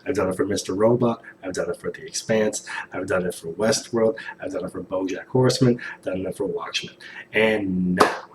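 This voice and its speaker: Late at night at home, a man vlogs loosely about a TV show, profane and rambling. His low voice comes through a webcam mic from a distance, echoey with background noise, at a moderate pace.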